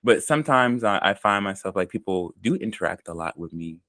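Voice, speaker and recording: A man with an American accent speaks in a fairly low voice, chatting loosely and circling back on his words with plenty of fillers. The sound is dry and close, with no room echo. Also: brisk. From United States. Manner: relaxed, rambling, with frequent ums and likes. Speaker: interviewee. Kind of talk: casual conversational storytelling.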